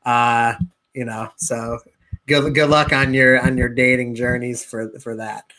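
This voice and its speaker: A man's voice: medium pitch, flat delivery, measured pace, crowd noise. A man co-hosting a casual podcast, friendly and greeting his listeners by name. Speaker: podcast co-host.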